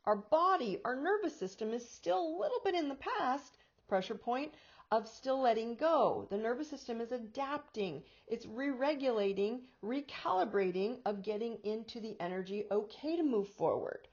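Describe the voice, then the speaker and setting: A woman who works as a life coach chats casually to camera about anxiety in a spiritual vein, lively and quick to act out the voices in her head, laughing often. Her voice sits on the higher side, and the recording is lo-fi.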